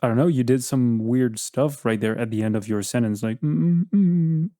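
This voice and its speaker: Brief: blunt male host grilling an AI, mid pitch, dry close sound. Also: steady tone, a little fast, mellow, no echo. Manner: probing, blunt, rambling. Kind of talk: casual chat.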